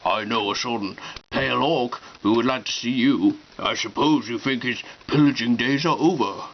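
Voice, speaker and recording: A man voicing a huge, gloating male goblin king who taunts in a mocking, drawn-out way, recorded on a cheap camera. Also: medium pitch, lightly acted. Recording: dull camera audio with faint hiss.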